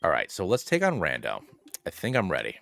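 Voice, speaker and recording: A man streaming a game live, rambling through his moves and excitedly thanking viewers by name. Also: sits low, fairly quick, creaky, dry recording, faint music behind. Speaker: streamer playing a fusion monster game. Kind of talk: casual live-stream chat and game commentary.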